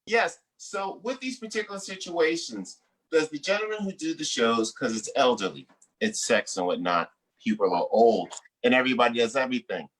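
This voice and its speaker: A woman hosting a comedy show, using loud, hyped crowd-work and playful, rambling banter. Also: extremely low pitch, animated, normal speed. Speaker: host.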